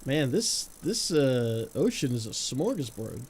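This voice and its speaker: A young man live-streams a game, chatting casually in a goofy, jokey way, laughing and humming or scatting nonsense tunes. His mid-range voice is very animated yet unhurried, a little mellow and slightly rough.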